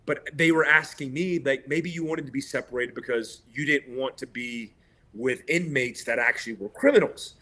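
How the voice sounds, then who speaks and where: A man's voice: medium pitch, moderate pace, bright, forceful tone. A middle-aged man, a guest in an interview, animatedly retelling events and quoting what others said, often laughing. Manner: retells with quoted dialogue and laughs. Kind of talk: animated storytelling.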